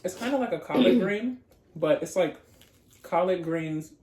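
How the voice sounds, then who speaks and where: A playful, talkative mukbang host eats while chatting casually, describing the food in detail and addressing viewers as "y'all." The voice is mid-range and somewhat dark, with lively intonation and a normal pace, recorded in an echoey room at home with dogs nearby.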